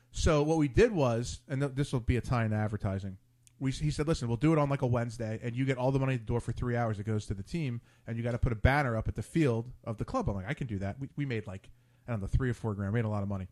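A man hosting a casual talk show who tells crude stories and acts out the dialogue. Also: medium pitch. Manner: storytelling, animated and crude, quotes friends in dialogue. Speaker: podcast host. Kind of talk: casual chat.

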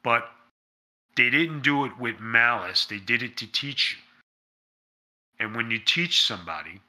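Blunt, bright-voiced man telling stories. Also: mid-range voice, lively intonation, takes it slowly. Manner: blunt, emphatic, swears freely. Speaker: interview guest, former pro wrestler. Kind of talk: casual interview storytelling.

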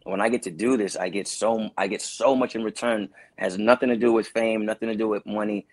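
Animated storytelling man, dry close sound. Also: fairly low pitch, a little fast, no room sound, low-quality recording. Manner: animated storyteller who acts out voices of people he quotes. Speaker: actor and dancer being interviewed. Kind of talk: casual interview talk.

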